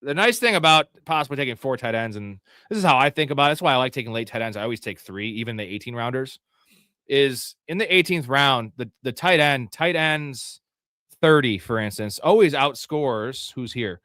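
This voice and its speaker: A man hosting a live fantasy football draft stream, cursing and venting as picks go against him. His voice is bright and tense, and it sometimes jumps into loud yells. The sound is dry and close, with almost no room around it. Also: mid-range voice, lively intonation, a little fast, dry recording. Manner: profane, frustrated, outbursts of yelling.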